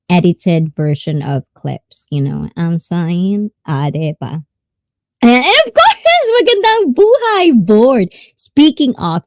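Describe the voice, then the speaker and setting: Woman, livestream host, giggly and chatty, warm tone, dry close sound. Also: lowish voice, dry recording. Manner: bubbly, laughs often, switches between English and Tagalog. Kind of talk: casual livestream chat.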